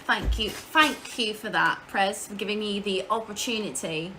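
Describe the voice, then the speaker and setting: A woman's voice: mid-range voice, normal speed, bright, forceful tone, slight background noise. A woman streaming from home in casual live-stream chat, chatty, swearing casually and answering chat aloud.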